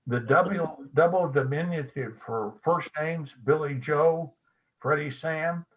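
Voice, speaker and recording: An older man with a voice on the high side speaks slowly as a guest speaker giving an anecdotal local history talk at a club meeting. A folksy storyteller, he spells words out letter by letter, and the recording quality is low.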